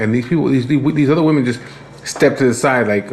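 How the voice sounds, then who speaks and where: A man's voice: mid-range voice, brisk, slight background noise. A man casually telling a rambling, profane story about his day, tired and fed up. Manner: profane, rambling, frequent restarts. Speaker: vlogger.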